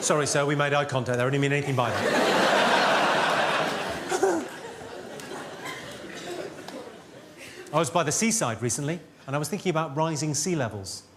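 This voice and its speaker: Deadpan high-voiced comic. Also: male voice, unhurried, long pauses, a loud crowd, very noisy. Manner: deadpan, crude one-liners, teasing the audience. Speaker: stand-up comedian. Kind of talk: stand-up routine. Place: live theatre stage before a laughing audience. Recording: loud audience laughter behind.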